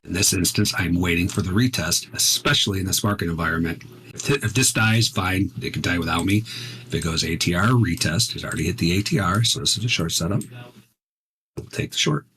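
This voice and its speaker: A man's voice: deep voice, a little fast, pushed and bright, a little hiss or hum. A man teaching futures trading while he trades live, talking casually and emphatically, often checking in with "right?". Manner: conversational, emphatic, repeats "right?".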